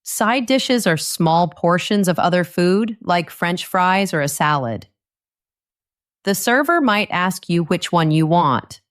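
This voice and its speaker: A woman narrating a scripted English lesson, speaking clearly and patiently and acting out short dialogue lines. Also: fairly low pitch, animated, slow. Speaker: English teacher.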